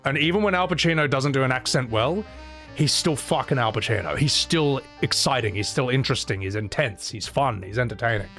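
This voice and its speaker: A man's voice: mid-range voice, animated, fairly quick, a bit bright, faint music behind. A young man chatting casually on a live stream, rambling, swearing and laughing often.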